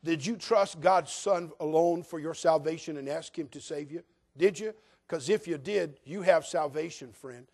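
A man's voice: on the high side, normal speed, darkish tone. An older man from California, a pastor preaching a sermon in an earnest, direct way and addressing his listeners as friends.

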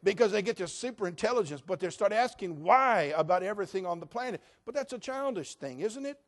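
A male pastor, preaching a sermon that moves between hushed, soft passages and loud, emphatic declarations, slowing down to stress key phrases. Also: high voice, animated.

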